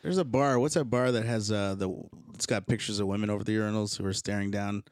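A man's voice: on the low side, fairly even intonation, fast, a little mellow, no echo. A man telling stories in a casual podcast chat, laughing often between lines.

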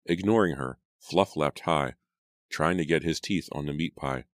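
This is scripted narration by a male audiobook narrator whose voice is very deep. He tells the story in a steady, measured manner, and the recording is dry.

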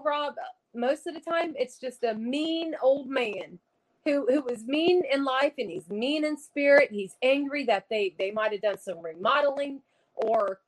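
Excitable woman telling a story. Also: fairly high pitch, low-quality recording. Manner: excited, rambling, laughs often. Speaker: paranormal investigator guest. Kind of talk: casual storytelling on a video call. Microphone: video call.

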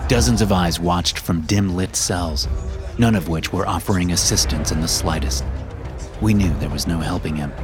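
A man narrating a first-person story in a measured, dramatic way. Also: deep voice. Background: background music.

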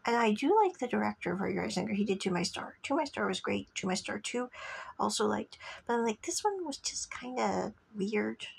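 Chatty woman podcaster, husky and gravelly. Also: mid-range voice, lively intonation, brisk. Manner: chatty, rambling, often drops to a whisper. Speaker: podcast host reviewing dramas. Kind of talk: casual solo podcast chat.

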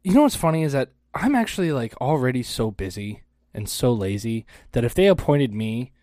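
A man's voice: mid-range voice, very animated, a little fast, mellow, no echo, clean studio sound. A man co-hosting a casual podcast, telling offhand stories and swearing casually. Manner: laid-back storyteller, swears casually. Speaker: podcast co-host.

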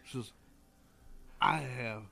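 A man, a paranormal investigator guest, telling drawn-out, folksy anecdotes in casual chat with many pauses and hesitations. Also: medium pitch, vocal fry. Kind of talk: casual storytelling.

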